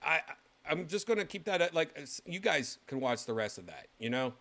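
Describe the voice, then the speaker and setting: A man hosting his own show, reacting to clips in casual livestream commentary, excitable and swearing freely with loud exclamations. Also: on the high side, fairly quick. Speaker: show host.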